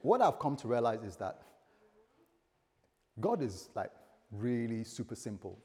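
A male pastor preaching a sermon in a conversational, animated way, acting out little dialogues. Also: mid-range voice, unhurried. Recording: long hall reverb.

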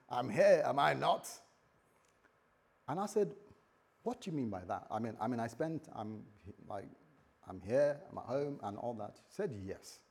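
A man preaching a sermon, telling a story and acting out both sides of a conversation, dropping to a hush and then rising loud. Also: mid-range voice, breathy edge. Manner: storytelling, acts out dialogue, swings from hushed to loud. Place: church hall with a congregation. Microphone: recorded for the church website.

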